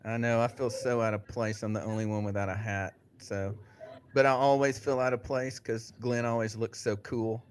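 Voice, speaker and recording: A man's voice: on the low side, little pitch movement, normal speed, a little hiss or hum. Upbeat man hosting a podcast. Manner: upbeat, joking, laughs easily. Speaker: podcast co-host.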